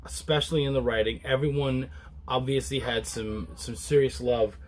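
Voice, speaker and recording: A man reviewing a comic book in a casual, relaxed chat to camera, rambling with many restarts and fillers. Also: normal speed. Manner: relaxed and low-key.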